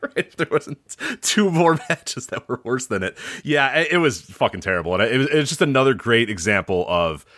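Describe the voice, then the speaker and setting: A man co-hosting a wrestling podcast, ranting in casual chat, animated and profane, often laughing. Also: medium pitch, moderate pace, few pauses, no room sound, clean studio sound.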